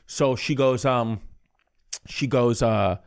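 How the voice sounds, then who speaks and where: A man spins a long, crude anecdote in loose, casual podcast chat. He strings it together with 'he goes' and 'I was like', restarting sentences as he goes, and swears bluntly. His voice sits at an ordinary middle pitch. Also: takes it slowly, vocal fry. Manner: rambling storyteller, quoting people with 'he goes'.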